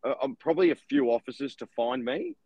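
A young man, a real estate agent and podcast co-host, telling stories in an animated, casual way. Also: mid-range voice, a little fast, slightly rough, dry recording, muffled recording. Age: young adult. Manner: animated storytelling with laughs. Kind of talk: casual chat.

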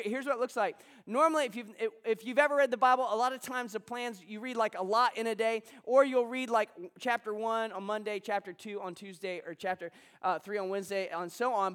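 A man's voice: very high-pitched, fairly bright tone, in a large hall. A male pastor preaching a sermon to a congregation at a church service, talking loosely and conversationally with restarts and asides to the room.

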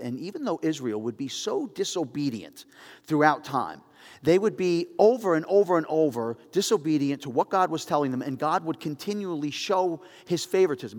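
A male pastor preaching in a casual, storytelling way with animated asides. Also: medium pitch, in a large hall. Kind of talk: sermon.

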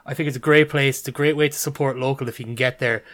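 A man's voice: medium pitch, fairly even intonation, quick pace, fairly bright tone. A man co-hosting a podcast, chatting with enthusiasm. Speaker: podcast co-host. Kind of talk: casual chat.

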